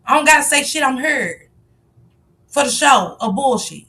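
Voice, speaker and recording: A woman hosts a casual live stream, open and confessional about her struggles. She swears freely and keeps answering her viewers. Her voice sits a touch high and sounds bright and forward. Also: lively intonation, normal speed. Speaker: livestream host.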